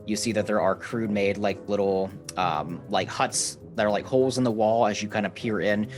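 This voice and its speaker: Casual male game master, rambling descriptive narration, soft music underneath. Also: on the low side, fairly even intonation, moderate pace.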